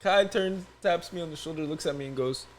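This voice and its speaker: A man's voice: fairly high pitch, brisk, slight background noise. A young man co-hosting a podcast, telling a story in casual chat, profane and laughing often. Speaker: podcast co-host.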